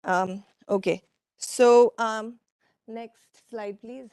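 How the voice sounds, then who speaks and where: Slow-speaking woman giving a slide talk. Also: mid-range voice, fairly even intonation, darkish tone, smooth, dry recording, clean studio sound. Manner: measured, with frequent fillers and asides to the audience. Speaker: workshop speaker. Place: conference room.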